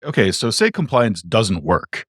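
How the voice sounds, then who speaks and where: A man's voice: fairly low pitch, sing-song, measured pace, fairly bright tone, slightly rough. A man co-hosting a podcast, asking direct, curious questions. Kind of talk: casual interview.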